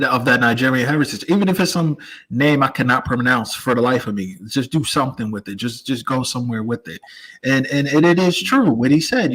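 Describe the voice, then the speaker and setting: A man from Jamaica talks in a casual podcast chat. He is outspoken and swears freely. His pitch sits in an ordinary middle range. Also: a bit bright, poor audio.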